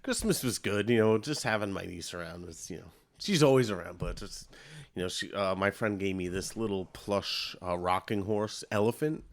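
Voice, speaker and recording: A man co-hosting a podcast in relaxed chat, cracking quick jokes. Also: lowish voice. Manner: joking, relaxed, quick wisecracks. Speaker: podcast co-host. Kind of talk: casual chat.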